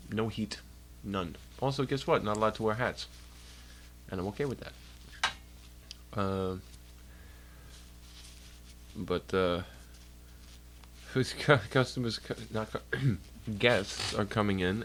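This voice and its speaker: A man's voice: on the low side, fairly bright tone, slight background noise. A young man streaming from home, chatting casually into a desk mic, rambling and swearing, with a slightly stuffed, nasal nose. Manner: rambling, profane, jokey, talks to chat. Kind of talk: casual chat on a livestream.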